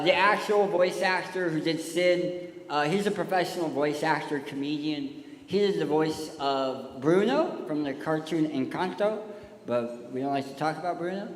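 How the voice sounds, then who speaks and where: In an echoey church hall with live music, a touring speaker and singer jokes around and tells stories, directing some of it at the kids. His pitch is fairly high, his pace unhurried, and he has a lisp left by tongue surgery.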